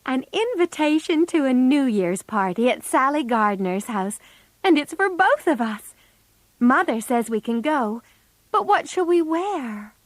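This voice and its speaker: A woman voicing an excitable teenage girl, the eager older sister in a read-aloud storybook. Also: unhurried, dry recording. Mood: excited. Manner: eager, high-pitched exclamations.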